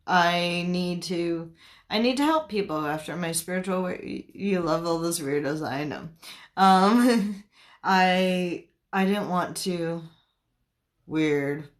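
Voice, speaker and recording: A young woman talks casually on a livestream in a voice of middling pitch. She is giggly and easily sidetracked, and she keeps breaking off to answer her viewers' comments. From Canada. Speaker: spiritual livestream host.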